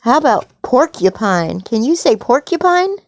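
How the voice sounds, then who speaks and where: A woman's voice: a little high, very animated, moderate pace. A woman patiently teaching a toddler animal names at home, with exaggerated encouraging praise.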